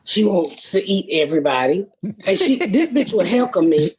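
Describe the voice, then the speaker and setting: A woman's voice: mid-range voice, sing-song, normal speed, a little mellow. A middle-aged woman hosting a podcast, telling stories in a blunt, profane, casual way. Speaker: podcast host. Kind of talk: casual chat.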